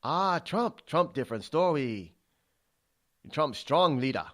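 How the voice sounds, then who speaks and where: A man's voice: on the high side, lively intonation, takes it slowly, fairly bright tone. A man voicing a blunt, scornful male Chinese official in an exaggerated Chinese accent, speaking in broken, clipped phrases. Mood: mocking.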